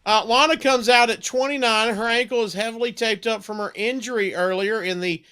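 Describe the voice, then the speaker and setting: A man co-hosting a podcast, reading through a match recap briskly with light joking asides. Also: extremely high pitch, sharp tone, smooth. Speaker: podcast co-host.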